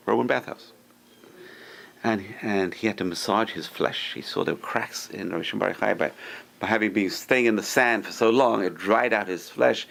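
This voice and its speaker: A rabbi teaches a Torah class to a live group, telling stories with animation and acting out quoted speech with sudden high jumps in pitch. He addresses the room directly, quizzing his listeners, and his voice is creaky.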